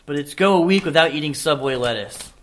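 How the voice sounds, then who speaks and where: Deadpan man joking casually. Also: a little high, a little fast, a little hiss or hum. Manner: deadpan absurd jokes, frequent restarts. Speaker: podcast co-host. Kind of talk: casual comedic chat.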